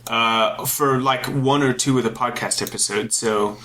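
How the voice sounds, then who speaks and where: A man co-hosting a podcast in casual chat, talking in a chatty, self-deprecating way. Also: a little slow. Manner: chatty, self-deprecating, animated pitch jumps. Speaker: podcast co-host.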